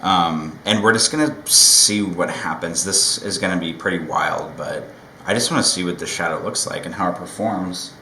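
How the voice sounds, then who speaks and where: A man with a deep, low voice chats casually through a makeup tutorial, relaxed and rambling, with a self-deprecating streak. He is recorded at home in a roomy, echoey space. A faint noise sits underneath. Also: moderate pace. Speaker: makeup vlogger.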